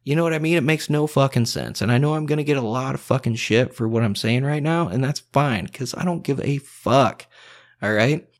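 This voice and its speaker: Man, podcast host, mid-pitched voice, profane unscripted rant, blunt and heated. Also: a little fast. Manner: heated, blunt and swearing constantly.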